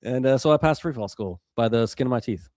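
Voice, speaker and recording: Lively storytelling man, dry sound. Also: medium pitch, quick pace, no room sound. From Rocky Mountains, US. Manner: animated, acts out quotes, many fillers and restarts. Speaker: podcast guest, former special operations weatherman. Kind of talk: casual storytelling.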